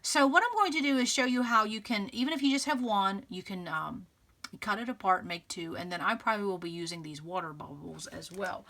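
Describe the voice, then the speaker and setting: A scrapbooking channel host narrates a relaxed crafting tutorial at a fairly quick clip. Her medium-pitched voice is animated and fairly bright, and she chats cheerfully as she works, laughing frequently and voicing her thoughts.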